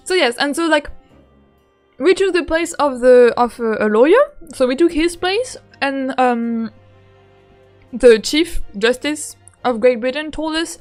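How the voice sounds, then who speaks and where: A woman's voice: high voice, expressive, unhurried, faint music behind. A woman streaming a game, chatting casually with a giggly, rambling manner and lots of fillers. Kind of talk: casual gameplay commentary.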